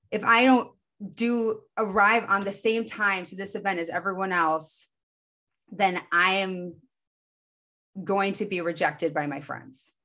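A woman talking in an earnest, casual way about spiritual self-help, often acting out the voices inside her head with quick shifts in tone. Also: medium pitch, bright, forceful tone.

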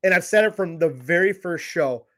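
A man's voice: high-pitched, lively intonation, moderate pace, fairly bright tone. A man co-hosting a casual talk show, blunt and swearing freely as he chats. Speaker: podcast co-host. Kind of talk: casual profane banter.

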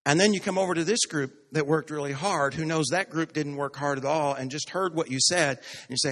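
A man preaches a sermon with a bright, forceful tone and a voice pitched a little high. He acts out small everyday scenes as dialogue, then builds to emphatic, repeated points. His voice rings with the long reverb of a church hall. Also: fairly quick, few pauses. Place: church sanctuary.

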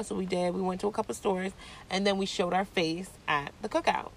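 A young woman hosting her own show, telling a casual story in a blunt, profane, animated way. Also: mid-range voice, brisk, vocal fry, a little hiss or hum. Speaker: podcast host.

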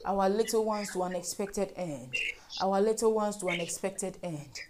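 A woman's voice: mid-range voice, moderate pace, a little mellow, a little hiss or hum. A woman leading fervent group prayer, repeating petitions and breaking into speaking in tongues. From Africa. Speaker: prayer leader.

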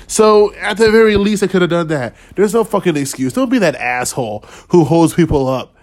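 A man in his thirties ranting in a casual, profane, rambling way, sarcastic and quick to laugh. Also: high-pitched, lively intonation, a little mellow. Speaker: podcast host. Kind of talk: casual rant.

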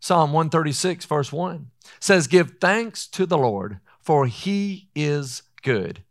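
A man preaching a sermon in an earnest way. He slows down to read scripture and often says "listen". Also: a little high, expressive.

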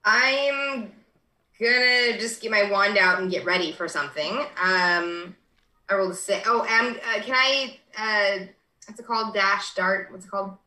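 A woman's voice: mid-range voice, unhurried, bright, forceful tone, echoey room, rough recording. A woman playing a tabletop role-playing game, hesitant and searching for words. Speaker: player. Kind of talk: casual tabletop game play.

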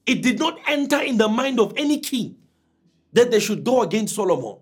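A man preaching a sermon to a congregation with emphatic delivery and dramatic swings in pitch. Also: sing-song, brisk, slightly rough.

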